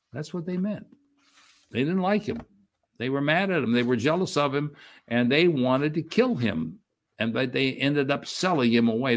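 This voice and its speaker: An older man preaching a sermon, reading scripture aloud with slow, emphatic stress and explaining it in a halting way with many restarts. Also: medium pitch. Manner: unhurried, halting with frequent restarts and fillers; reads quoted verses with slow emphatic stress. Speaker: pastor.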